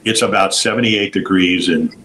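An older man, a former pitcher and broadcaster, telling long anecdotes with restarts and quoted voices in an interview. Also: normal speed, fairly bright tone, a little hiss or hum, rough recording. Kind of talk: storytelling interview.

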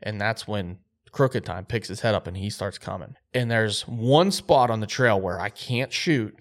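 A man with a lowish voice tells a hunting story on a podcast. He talks in an animated, excitable way, reliving each moment. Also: moderate pace. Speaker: podcast co-host.

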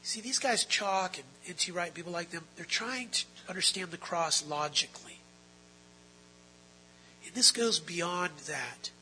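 Guy preaching, high bright voice, gets loud and stretches words out, little hum behind. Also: animated, unhurried, rough recording. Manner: emphatic, swings from quiet to loud and drawn out. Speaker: pastor. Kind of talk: sermon.

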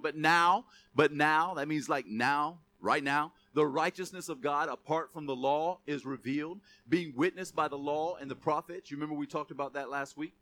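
Bright, conversational male pastor. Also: fairly high pitch. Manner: conversational preaching, rising to emphatic calls. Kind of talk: sermon.

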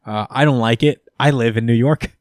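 A man's voice: medium pitch, moderate pace, dry recording, studio quality. A man hosting a casual chat, retelling a comic story with profanity, laughter and enthusiasm. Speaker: podcast host recapping comics. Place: lives in New York.

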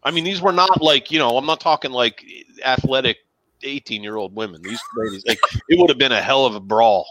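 A man's voice: medium pitch, brisk, fairly bright tone. A man co-hosting a casual chat show, telling long rambling anecdotes full of "like" and acting out the people in them. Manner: rambling storyteller, heavy on "like"; acts out other people's voices in anecdotes. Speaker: podcast co-host.

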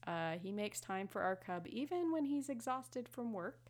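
A woman's voice: medium pitch, animated, normal speed. A woman co-hosting a podcast, talking in an upbeat, teasing and blunt way. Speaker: podcast co-host. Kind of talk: casual chat.

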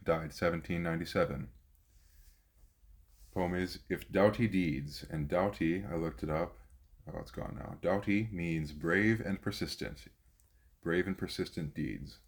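A man with a low, deep voice hosts a casual podcast. He thinks out loud with easy fillers, then reads old verse aloud with more lift. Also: moderate pace. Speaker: podcast host. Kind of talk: casual chat and poetry reading.

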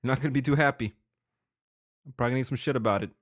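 A young man rambles through his solo podcast, cursing freely and laughing at his own asides. His voice sits at an ordinary middle pitch. It is recorded dry and close, with no room sound. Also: racing, husky, no echo. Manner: profane, rambling, laughs often. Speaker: podcast host. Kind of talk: casual solo podcast talk.

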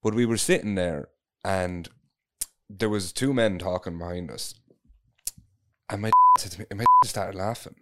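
A man's voice: low-pitched, wildly swooping pitch, moderate pace, pauses often, pushed and bright. An Irish man telling a long story in casual chat, rambling, swearing freely and restarting his sentences.

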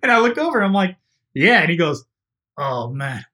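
A man, a podcast guest, telling an animated story in casual conversation. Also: sits high, quick pace. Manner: animated, laughing through a funny story.

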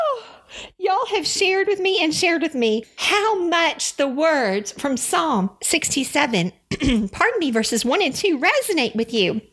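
A woman's voice: high voice, very animated, measured pace, a bit bright. A Texan woman hosting a Christian devotional podcast, emotional and effusive, sniffling through tears as she talks into her microphone. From Texas. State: teary, sniffling. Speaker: podcast host. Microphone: studio microphone, seated.

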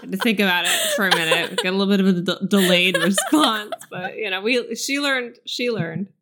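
A woman in her thirties co-hosting a podcast, making wry, deadpan remarks and swearing casually. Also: mid-range voice, fairly quick, noisy background. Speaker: podcast co-host. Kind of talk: casual chat.

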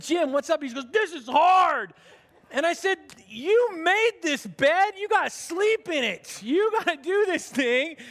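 A pastor delivering a sermon in a notably high voice, talking conversationally and poking gentle fun at himself. He stops and restarts his phrases often, and a long hall reverb trails after his words. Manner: conversational, self-deprecating, with frequent restarts.

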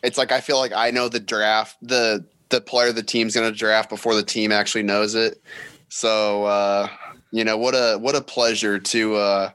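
A man co-hosts a casual sports podcast and makes dry, sarcastic remarks. His voice sits fairly low with a bright edge. The sound is dry and close. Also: flat delivery, moderate pace, clean tone, dry recording. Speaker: podcast co-host.

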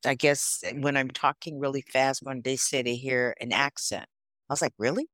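A woman in her sixties from Chicago, a guest on a podcast. She chats in a relaxed, storytelling way, with an animated delivery. Her voice is fairly low for a woman and sounds dry and close on the mic. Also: normal speed, dry recording. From Chicago, USA. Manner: storytelling, animated, laughs often. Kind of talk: casual interview chat.

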